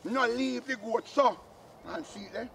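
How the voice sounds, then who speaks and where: A man's voice: very high voice, a little slow, gravelly, a bit bright, a little hiss or hum, heavily acted. A man doing a blustering old Jamaican uncle. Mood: grumbling. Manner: blustery, boasting, scolding. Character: boastful old Jamaican uncle, proud ex-soldier. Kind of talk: comic sketch acting.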